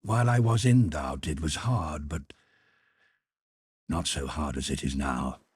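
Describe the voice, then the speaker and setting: A rigid, wounded husband speaking in clipped, formal phrases, his voice very deep and husky. A man voices him in a dry audiobook reading. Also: unhurried, no echo, full character voice. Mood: bitter. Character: cold, stiff, wounded middle-aged husband.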